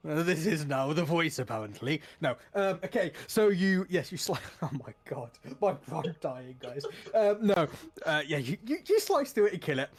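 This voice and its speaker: Man as tabletop game master, playful, laughs easily, slightly high voice. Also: very animated. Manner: playful, laughs often, quick restarts.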